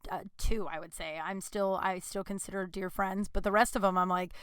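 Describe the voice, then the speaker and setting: A woman podcast host with a bright, crisp voice, swearing freely as she tells stories in a blunt, lively rant. The sound is dry and close, with almost no room echo. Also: medium pitch, a little fast. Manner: profane, animated, blunt. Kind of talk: casual storytelling monologue. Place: indoor room.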